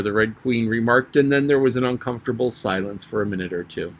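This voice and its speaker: A man narrates a children's classic for an audiobook. His voice sits at a middle pitch and he reads in a plain storytelling way. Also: brisk, few pauses. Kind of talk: audiobook reading.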